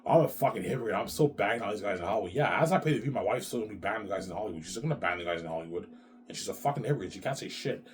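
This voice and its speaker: A man's voice: on the low side, lively intonation, very fast. A young man hosting his own show, rambling in a profane monologue, repeating "man" and putting on brief voices for other people. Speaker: show host.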